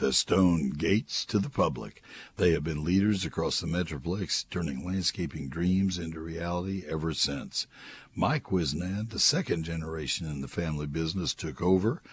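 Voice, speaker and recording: An older man hosting a radio gardening call-in show, folksy and chatty, reading live ads and taking callers. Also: husky. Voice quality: squeaky voice, as he says. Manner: folksy, chatty, leans on repetition. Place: radio studio.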